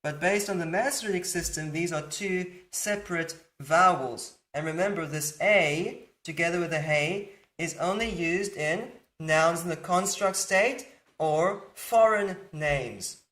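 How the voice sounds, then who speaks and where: Guy lecturing over slides, steady and methodical, hammers points home by repeating them. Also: on the high side, unhurried. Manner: methodical, step-by-step reasoning with emphatic repetition. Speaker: teacher of biblical Hebrew.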